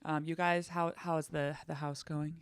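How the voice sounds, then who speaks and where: A woman co-hosting a podcast who chimes in with wry, deadpan jokes and the odd swear. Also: sits low, normal speed, clean tone, no echo. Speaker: podcast co-host. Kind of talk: casual chat.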